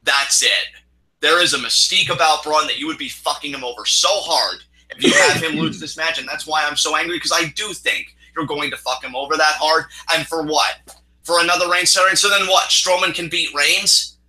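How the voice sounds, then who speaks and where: A man's voice: on the high side, fairly quick, pushed and bright, rough recording. A young man co-hosting a wrestling show, ranting heatedly with lots of swearing in a casual chat. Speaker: wrestling podcast co-host. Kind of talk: opinion rant, casual chat.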